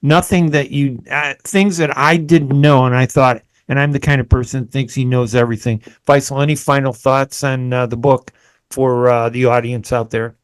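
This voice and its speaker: A male radio host with a smooth, resonant voice and a dry, close sound. He talks in a chatty, brisk way, interviewing a guest. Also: medium pitch, steady tone, no room sound. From United States.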